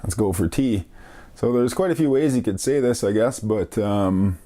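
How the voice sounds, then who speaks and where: Male radio host, warm mellow tone, casual teacher, repeats phrases patiently, informal and self-deprecating. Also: on the low side. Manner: explains slowly, repeats phrases carefully, light laughs. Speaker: language lesson host. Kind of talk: casual radio language lesson.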